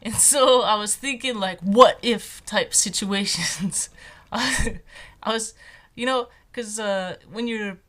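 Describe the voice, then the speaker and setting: A transgender man who is not on hormones, with a voice in a typical female range, talking in a casual vlog monologue. He muses in a halting, light-hearted way with many fillers. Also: high-pitched, pushed and bright. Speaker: vlogger.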